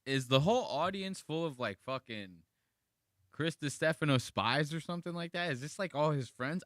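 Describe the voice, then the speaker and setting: A man's voice: on the high side, expressive, moderate pace, a bit bright, no echo, studio quality. A man hosting a casual podcast, ranting in an exasperated, profane, mocking way while reacting to clips.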